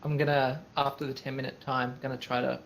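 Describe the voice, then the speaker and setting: Gravelly-voiced male player. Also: mid-range voice, flat delivery, brisk. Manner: casual, tentative. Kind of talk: tabletop game play.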